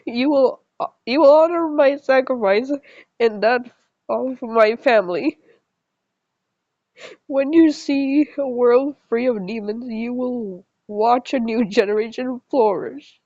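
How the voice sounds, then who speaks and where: A woman's voice: on the high side, takes it slowly, darkish tone, no echo. Woman reading as serene Kagaya Ubuyashiki. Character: serene dying male clan leader, gentle. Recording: slightly dull lo-fi recording.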